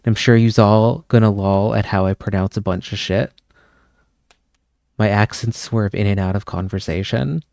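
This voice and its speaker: A man's voice: fairly low pitch, fairly even intonation, normal speed, creaky, darkish tone, dry recording, clean studio sound. A young man from Pennsylvania hosting a live stream, chatting casually with viewers in a rambling way and wandering off on tangents. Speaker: livestream host.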